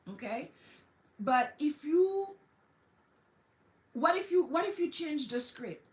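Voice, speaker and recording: A woman's voice: high-pitched, big pitch swings, slow, echoey room. A woman hosting a motivational wellness livestream, talking encouragingly and acting out self-talk in quotes. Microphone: streaming setup.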